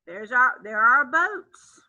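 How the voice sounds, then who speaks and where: A woman music teacher speaks to young children over a computer microphone, her voice very bright and slightly high. She talks slowly and clearly, in an animated, sing-song way, and chants each syllable aloud for the class to copy. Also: highs cut off. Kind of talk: online children's music lesson. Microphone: computer mic on a video call.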